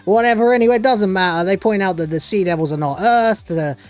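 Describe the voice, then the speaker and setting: A man's voice: high-pitched, quick pace. Sarcastic man recapping a TV episode. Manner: sarcastic, dismissive, rambling. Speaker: show reviewer. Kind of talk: casual spoken episode recap.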